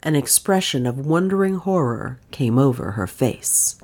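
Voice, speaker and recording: A woman reading a mystery novel aloud in measured, even narration. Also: very deep voice. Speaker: audiobook narrator. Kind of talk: scripted narration.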